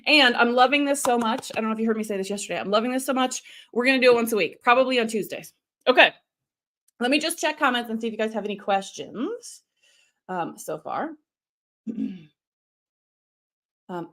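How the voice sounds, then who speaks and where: A woman coaching live on a stream, in a chatty, animated way with quick asides. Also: on the high side. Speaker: online video coach hosting a live stream. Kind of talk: casual live-stream teaching.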